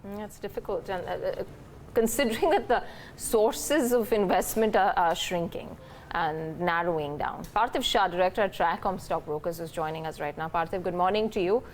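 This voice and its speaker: A woman with an Indian English accent anchoring a live business news show, talking briskly and conversationally with light fillers. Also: fairly low pitch, slight background noise. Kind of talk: live market news presenting.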